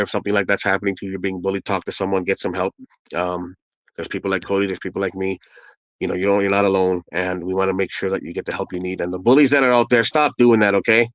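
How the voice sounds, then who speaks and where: A man's voice: deep voice, fairly bright tone, dry recording, low-quality recording. A man, a guest telling a personal story in a candid, rambling way full of asides. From Canada. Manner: conversational and rambling, with asides and restarts.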